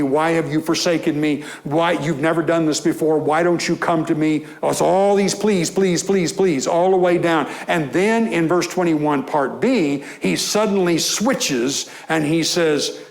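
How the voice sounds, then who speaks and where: A man's voice: fairly high pitch, low-quality recording. A man preaching a conversational sermon in church, rising to emphatic scripture reading.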